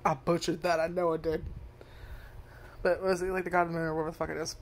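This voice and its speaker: A woman's voice: lowish voice, level tone, quick pace, a little hiss or hum. Rambling, foul-mouthed woman recapping a show. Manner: rambling, profane, self-correcting. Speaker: anime reviewer. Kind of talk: casual first-impressions chat.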